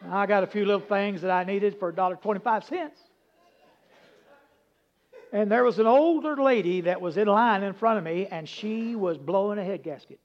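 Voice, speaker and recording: A man preaching a folksy, humorous sermon, rambling into stories and dropping from loud emphasis to hushed asides. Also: high-pitched, moderate pace. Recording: dull lo-fi recording.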